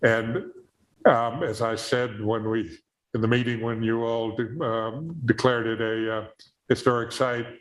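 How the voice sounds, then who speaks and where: A man from Texas with a Texan accent, speaking at a town board meeting in a halting, apologetic way with many fillers and dry jokes. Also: medium pitch, fairly even intonation, low-quality recording. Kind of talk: public comment at meeting.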